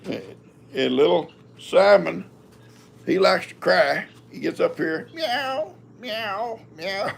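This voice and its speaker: A man's voice: fairly high pitch, slow, creaky, slight background noise. An older man, hosting a live stream in a rambling, folksy chat and talking to his cats. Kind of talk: casual chat.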